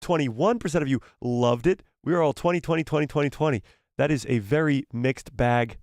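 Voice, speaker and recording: An excitable man hosts a live stream, chatting with viewers and reading their messages aloud, his voice worn and hoarse from talking. He sits at a mid pitch, and the sound is close and dry with no room around it. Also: no room sound. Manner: excitable, frequent exclamations and quick laughs. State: losing his voice, throat-clearing. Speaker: livestream host.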